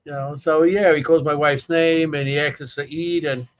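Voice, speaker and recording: A middle-aged man co-hosting a casual chat, talking in halting, rambling bursts with many restarts. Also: fairly high pitch, steady tone. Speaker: co-host. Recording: muffled lo-fi audio.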